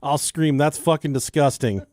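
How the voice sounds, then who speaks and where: A man co-hosting a podcast, telling crude stories loudly with lots of swearing and laughter. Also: on the high side, unhurried, no echo, studio quality. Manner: loud storytelling, swears and laughs often. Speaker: podcast co-host. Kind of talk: crude casual banter.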